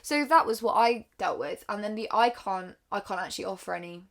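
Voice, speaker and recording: A woman's voice: medium pitch, fairly quick, a crowd in the background. A young woman from Britain co-hosting a podcast, talking candidly and earnestly, often restarting her sentences. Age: young adult. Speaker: podcast co-host. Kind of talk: candid casual chat.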